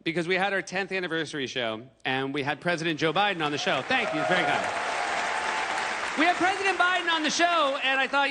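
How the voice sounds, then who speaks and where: A middle-aged American man performing a stand-up comedy set on a large stage, animated and bursting into loud, exaggerated outbursts. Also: high-pitched, a little fast, over a noisy crowd. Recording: long hall reverb, audience noise.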